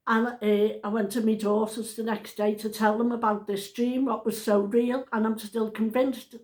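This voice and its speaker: A woman's voice: on the high side, level tone, a little slow, darkish tone, echoey room. A woman in her seventies, telling a family story at home in a chatty, rambling way, often breaking off and interrupting herself. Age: 70s. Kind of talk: casual storytelling to camera.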